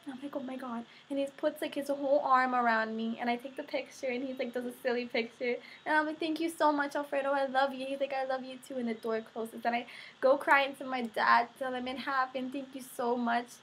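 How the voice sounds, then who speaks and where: A teenage girl with a high voice tells a story to her camera, gushing and breathless and packing every sentence with "like" and quoted reactions. A faint noise sits under the recording. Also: fairly even intonation, brisk, a bit bright. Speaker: vlogger.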